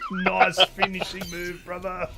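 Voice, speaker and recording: An Australian man co-hosting a live show, chatting casually while playing a fighting game, excitable and swearing a lot. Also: high voice, creaky. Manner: excitable, swears, laughs often. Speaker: co-host. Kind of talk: casual gaming banter.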